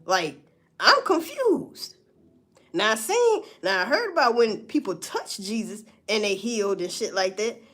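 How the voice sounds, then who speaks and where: A woman's voice: mid-range voice, big pitch swings, normal speed, few pauses, a bit bright. A woman, musing in a casual, profane monologue full of rhetorical questions. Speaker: vlogger.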